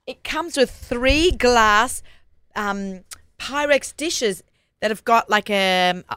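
A woman's voice: on the high side, lively intonation, bright, forceful tone, smooth, no echo. A woman with an Australian accent hosting a talk show, chatting enthusiastically with a guest. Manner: chatty and enthusiastic, quick asides. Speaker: radio show host. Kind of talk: casual chat.

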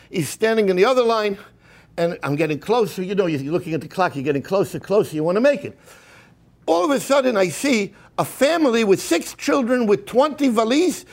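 A man giving a storytelling sermon as a rabbi, animated and mixing in Hebrew and Yiddish terms. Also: high voice. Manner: animated, acts out the people in his stories.

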